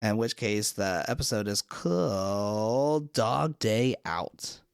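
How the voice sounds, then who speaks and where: A podcast co-host casually recapping a TV episode, telling the story in an animated way and acting out the lines. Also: medium pitch, slow, vocal fry, smooth, no room sound, clean studio sound. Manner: animated storyteller, acts out quotes.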